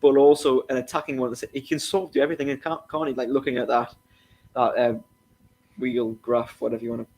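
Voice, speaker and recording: A man's voice: mid-range voice, little pitch movement, brisk, darkish tone. Hedging man chatting about football. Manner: hedging, repeats himself, many restarts. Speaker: podcast co-host. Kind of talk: casual football podcast chat.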